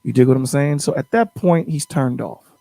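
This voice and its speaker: A man hosts a call-in show and tells a story in loose, casual chat, often stumbling and repeating words. His voice has a gravelly edge. The sound is dry and close. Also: medium pitch, normal speed, warm tone, dry recording. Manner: rambling, repeats words while telling a story.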